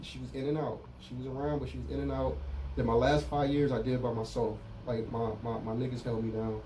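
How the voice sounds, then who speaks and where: A man's voice: medium pitch, level tone, a little fast, dark tone, far from the mic, a little hiss or hum, poor audio. A middle-aged man speaking candidly as an interview guest in street slang, often saying "you know what I'm saying". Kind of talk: casual interview about prison time.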